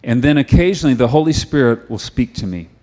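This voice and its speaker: Man, middle-aged, preacher, sermon, conversational storytelling, earnest prayer, average pitch. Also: expressive, quick pace, a little mellow.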